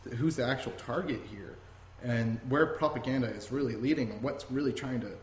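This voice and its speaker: A man speaking at a middle pitch in a heated, emphatic podcast rant that is often profane. The room is echoey, with a faint hiss beneath the voice. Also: brisk. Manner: ranting, emphatic, swears often. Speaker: podcast host.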